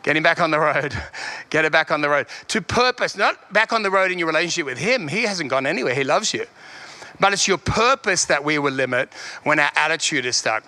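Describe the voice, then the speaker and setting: A man preaching a sermon in a lively way, repeating his key lines and chuckling between points. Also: on the high side.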